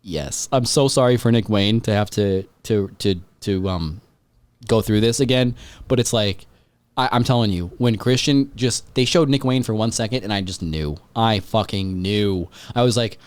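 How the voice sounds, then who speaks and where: A man hosting a podcast in casual chat, rambling and excitable, swearing freely. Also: fairly low pitch, normal speed, smooth, no room sound. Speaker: podcast host.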